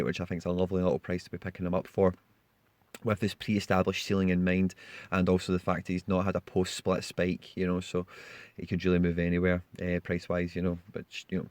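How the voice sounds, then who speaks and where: A man's voice: low-pitched, darkish tone, no room sound. A man hosting a casual fantasy football walkthrough, chatty and tagging his points with "you know" and "okay?". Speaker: channel host.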